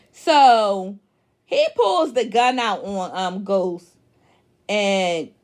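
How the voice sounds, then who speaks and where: Slow, animated woman reviewing a show. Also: high voice. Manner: emphatic, animated, swears freely, many fillers. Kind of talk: casual review recap.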